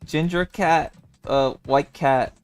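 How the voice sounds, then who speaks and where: Playful young male streamer, cat-boy persona, unhurried delivery, faint music bed. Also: a little high, clean tone. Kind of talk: casual livestream chat.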